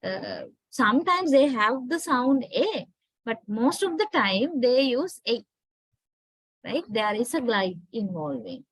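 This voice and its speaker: A woman's voice: on the high side, very animated, a little slow, few pauses, breathy edge, no room sound, low-quality recording. A Sri Lankan woman lecturing on English phonetics, explaining step by step with frequent tag questions and fillers. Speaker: university lecturer.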